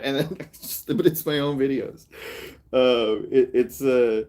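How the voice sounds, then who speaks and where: A man's voice: medium pitch, a little slow, a little mellow. A male artist and comedian in casual livestream chat, rambling and mocking, with frequent laughs.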